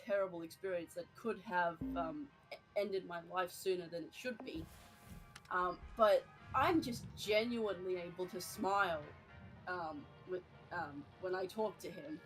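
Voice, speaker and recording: A woman chats casually on her game stream. She talks slowly and hesitantly, restarting her sentences and laughing often, with faint music in the background. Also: fairly low pitch, poor audio. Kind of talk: casual chat while gaming.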